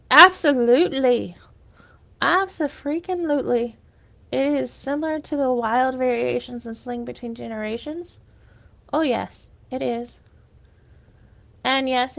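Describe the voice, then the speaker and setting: A woman's voice: sits high, gravelly. A woman livestreamer chatting casually with viewers, rambling and sometimes trailing off into whispers.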